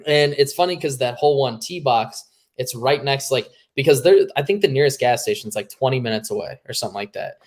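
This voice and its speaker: A man's voice: medium pitch, animated, brisk. A man co-hosting a casual podcast, telling a long anecdote in a loose, laughing way and swearing freely. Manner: laid-back, swears freely, laughs mid-story. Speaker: podcast co-host. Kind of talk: casual storytelling chat.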